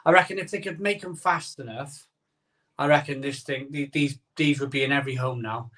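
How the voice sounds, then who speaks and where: A man's voice: mid-range voice, steady tone, fairly quick, pushed and bright. A man, hosting a live stream and chatting casually while he reads out viewer comments, often repeating himself with plenty of ums. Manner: chatty, cheerful, many ums and repeated phrases. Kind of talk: casual chat.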